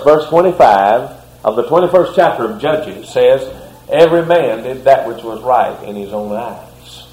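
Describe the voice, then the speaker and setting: A man delivers a sermon with impassioned swings in pitch and loudness. His voice sits fairly high for a man. An echoey room rings around his words. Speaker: preacher.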